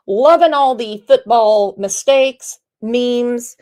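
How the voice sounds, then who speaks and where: A woman's voice: fairly high pitch, takes it slowly, darkish tone. Chatty Southern woman hosting a stream. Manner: chatty and teasing, reads viewer comments aloud. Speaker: host. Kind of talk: casual livestream chat.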